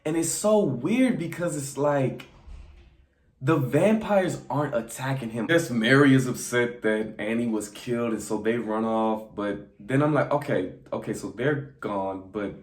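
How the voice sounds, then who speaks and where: A young man casually recapping a movie, acting out the characters' lines in quick voices. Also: mid-range voice. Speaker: movie reviewer. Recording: echoey room.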